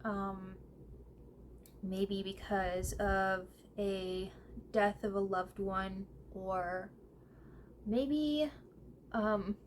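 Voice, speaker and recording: Slow, gentle woman reading tarot. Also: medium pitch, steady tone, slight background noise. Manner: gentle and emotional, with fillers and pauses. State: tearful. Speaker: tarot reader. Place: home room, seated in a squeaky chair.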